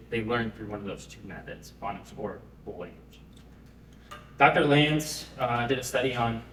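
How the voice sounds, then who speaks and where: Man pitching to a room, echoey and distant. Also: a bit bright, slight background noise. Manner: conversational, checks in with the audience. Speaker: startup founder pitching. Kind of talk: live pitch presentation. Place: event room.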